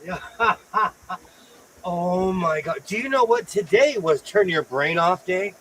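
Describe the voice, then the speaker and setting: Playful, slightly high-voiced male host. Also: slow pace, a little hiss or hum, low-quality recording. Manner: playful, repeats phrases, animated storytelling. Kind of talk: casual live-stream chat. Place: home sewing room.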